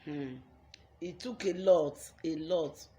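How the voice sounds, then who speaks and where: A woman's voice: deep voice, takes it slowly, warm tone. A young Nigerian woman with a Nigerian accent telling her own life story on her vlog, earnest and repeating phrases for emphasis.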